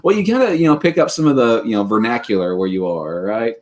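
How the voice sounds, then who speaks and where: A man's voice: mid-range voice, expressive, quick pace, a little mellow. A Kentucky man in his thirties with a Southern accent, hosting a casual livestream chat and rambling with many fillers. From Western Kentucky. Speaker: livestream host.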